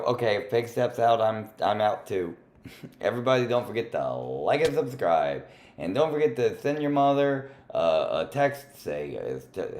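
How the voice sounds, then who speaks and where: A man with a fairly low voice hosts a casual gaming livestream, teasing the other players in a playful, sing-song way and sometimes sinking into a soft murmur. His voice rings in a roomy, echoey space with a faint hiss behind it. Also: animated, normal speed. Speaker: livestream host. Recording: roomy echo with faint background noise.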